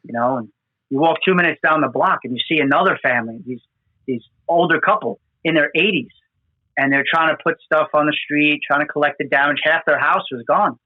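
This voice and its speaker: A man's voice: on the high side, fairly quick, dry recording. Earnest man with a tinny, phone-like sound. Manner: earnest, emotional storytelling with many fillers. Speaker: podcast host, FDNY firefighter. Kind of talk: conversational storytelling. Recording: dry, phone-like remote audio.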